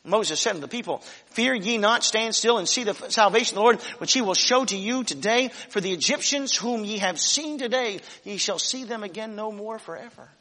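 Male pastor, high-pitched, intense preacher's delivery. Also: fairly quick, hardly any pauses, big-room sound. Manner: dramatic preaching that swings from shouting to whispers. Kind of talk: sermon.

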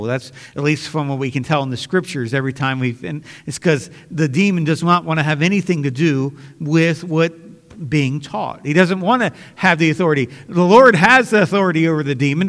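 A man's voice: on the high side, a bit bright, big-room sound. A man preaching a sermon as pastor, earnest and conversational, often restarting his sentences.

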